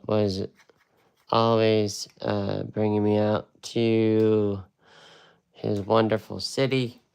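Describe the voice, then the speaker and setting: Man, watercolor teacher, laid-back rambling slang, gravelly, unhurried. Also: fairly low pitch. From United States. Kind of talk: casual live painting lesson.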